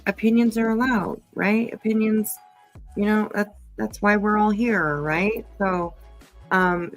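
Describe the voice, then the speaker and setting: A tired livestream host who talks slowly and loosely, with a gravelly, fry-laden voice, full of "um" and "right?" as they muse about a true-crime case. The talk is unhurried and meandering, and the host is yawning and openly fighting off sleepiness. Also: medium pitch, fairly bright tone, low-quality recording. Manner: rambling, filler-heavy, hedging. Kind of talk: casual livestream chat.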